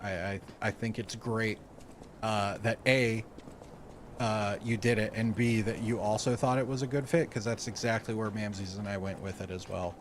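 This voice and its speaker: A Southern American man streams a video game and chats casually, exclaiming at the action and frequently restarting sentences. His voice is fairly low with fairly even intonation and a moderate pace, over slight background noise.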